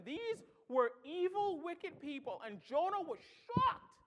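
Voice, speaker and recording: Impassioned high-voiced preacher in a reverberant hall. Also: a bit bright, a little hiss or hum. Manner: impassioned, emphatic rhetorical questions. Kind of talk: sermon.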